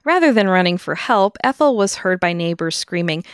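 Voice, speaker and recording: A woman's voice: on the low side, expressive, moderate pace, clear, resonant tone, no echo, studio quality. A woman co-hosting a podcast, telling a true-crime history in a casual way and laughing often between the facts. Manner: laughs often while narrating. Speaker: podcast co-host telling the story.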